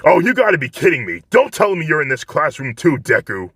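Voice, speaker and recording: A man voicing a hot-tempered teenage boy who yells at his rival. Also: measured pace, gravelly, husky, dry recording, heavily acted. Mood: angry. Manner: shouting, strained high pitch.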